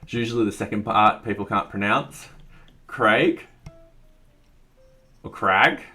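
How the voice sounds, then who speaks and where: A man's voice: lowish voice, flat delivery, fast, pushed and bright, faint music behind. A man with an Australian accent, thinking aloud in casual chat while coding on a live stream and reading out chat messages. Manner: thinks aloud, chatty and self-deprecating, reads chat.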